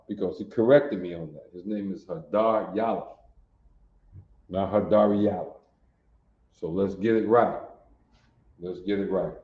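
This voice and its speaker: A man teaching a language class, repeating words and drilling pronunciation insistently. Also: lowish voice. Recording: echoey, dull lo-fi room.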